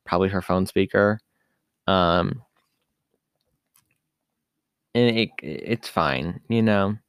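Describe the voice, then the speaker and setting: A man's voice: low voice, unhurried, smooth, no room sound. A man hosting a podcast on his own, talking in a casual, rambling way with lots of fillers and asides. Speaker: podcast host. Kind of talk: casual solo podcast talk.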